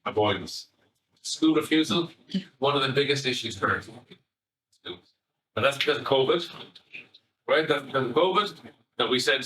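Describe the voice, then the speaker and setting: An Irish man, a family psychotherapist, giving an animated talk to educators and acting out bits of dialogue as he tells stories. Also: medium pitch, moderate pace, pauses often, slight background noise. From Ireland. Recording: echoey hall, voice from far off.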